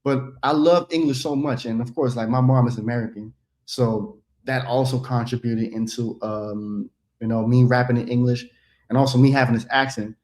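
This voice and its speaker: A man in his thirties, raised in the Netherlands, talks in a relaxed, meandering way, like a rapper swapping stories on a stream. His pitch sits in an ordinary middle range, and he breaks into easy laughter now and then. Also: normal speed. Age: 30s. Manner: loose, rambling storyteller who laughs easily. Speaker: rapper and guest. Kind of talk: casual chat on a stream.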